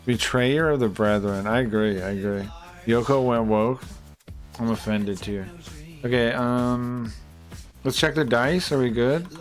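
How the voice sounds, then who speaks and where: A man's voice: mid-range voice, measured pace. Rambling male streamer, faint music behind. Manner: rambling, talks to chat, swears. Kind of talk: casual live-stream chat.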